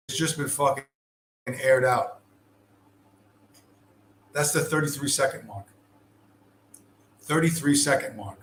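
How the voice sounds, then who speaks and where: A man's voice: medium pitch, fairly bright tone, a little hiss or hum. A man giving blunt, sarcastic, heavily profane commentary on a video he is sharing. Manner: blunt, heavy swearing, sarcastic. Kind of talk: profane commentary over a screen-shared video. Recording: echoey room with faint ambience.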